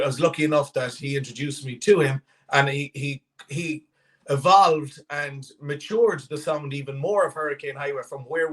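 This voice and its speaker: A man's voice: mid-range voice, fairly bright tone. An Irish man from the west of Ireland, a country singer chatting upbeat as a radio interview guest, often restarting his sentences. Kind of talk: casual radio interview chat.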